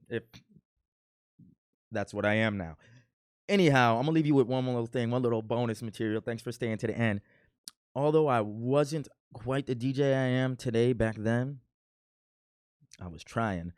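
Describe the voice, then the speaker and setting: A man's voice: medium pitch, normal speed, long pauses, a little mellow, dry recording, studio quality. A man in his thirties from Milwaukee, casually reacting to his old video in a playful, boastful, rambling way. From Milwaukee, USA. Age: 30s.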